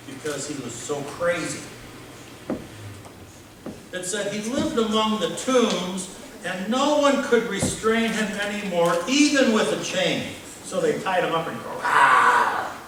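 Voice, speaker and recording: Animated pastor in an echoey church. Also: male voice, high voice. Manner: animated storytelling with playful sound effects and questions to the congregation. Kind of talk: sermon. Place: church sanctuary. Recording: very echoey church room from a distance with noise.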